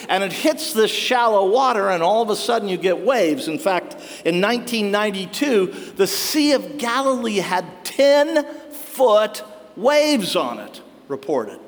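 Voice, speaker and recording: A man preaching a sermon, telling stories with wry humor and frequent laughter. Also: high voice. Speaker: pastor. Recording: long hall reverb.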